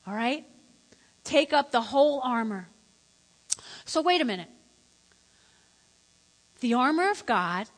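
A woman preaching a sermon in a church, quizzing her congregation in a lively way and swinging between quiet and loud. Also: sits high, in a large hall.

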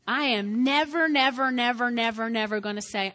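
A middle-aged woman preaching a sermon, animated, repeating words for emphasis and often laughing. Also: on the high side, brisk, few pauses. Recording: long hall reverb.

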